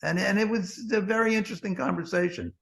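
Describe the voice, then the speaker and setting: Gravelly man telling a rambling story. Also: high-pitched, fast talker. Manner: rambling, profane, repeats "he goes" and "blah, blah". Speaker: podcast guest, former TV producer. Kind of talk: anecdotal storytelling.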